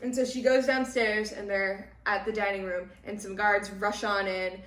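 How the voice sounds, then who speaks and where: A woman's voice: medium pitch, moderate pace. Woman recapping a novel in an echoey room. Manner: retells plot in animated run-on recap. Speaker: podcast co-host. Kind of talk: casual book club chat.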